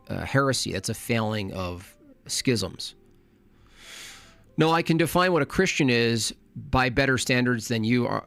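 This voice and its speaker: A man's voice: mid-range voice, fairly bright tone, no echo. A man hosting a reaction commentary, talking in a blunt, argumentative and sardonic way. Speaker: commentary channel host.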